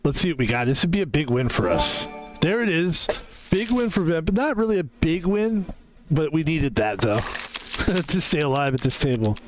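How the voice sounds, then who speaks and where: A man's voice: a little high, lively intonation, moderate pace, music in the background, rough recording. A man streaming a card game and chatting casually, rambling and joking with plenty of swearing. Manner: rambling, jokey, swears freely. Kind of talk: casual gameplay commentary.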